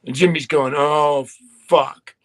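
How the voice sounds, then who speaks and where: A man's voice: fairly high pitch, fairly even intonation, takes it slowly. A man telling a long, profane story in casual podcast chat, quoting people as he goes.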